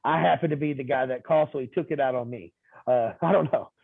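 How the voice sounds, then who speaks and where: A man's voice: mid-range voice, fast talker, gravelly, slightly rough, dry recording. Story-telling man on a tinny line. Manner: lively anecdotal telling with quoted dialogue and fillers. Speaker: insurance agent guest. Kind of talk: casual interview storytelling.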